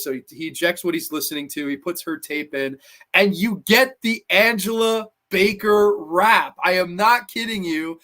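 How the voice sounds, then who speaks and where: A man giving casual, animated commentary as a horror movie reviewer, swearing freely and acting out scenes in funny voices. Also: sits high, moderate pace. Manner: animated, profane, acts out quotes in funny voices.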